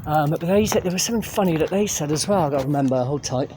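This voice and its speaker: A young man giving a sweary, animated gig review while out on a street, laughing as he tells it. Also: fairly high pitch, rapid-fire. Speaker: music reviewer. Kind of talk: casual ranting gig review. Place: outdoors on a street. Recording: street traffic noise behind. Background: traffic and street ambience.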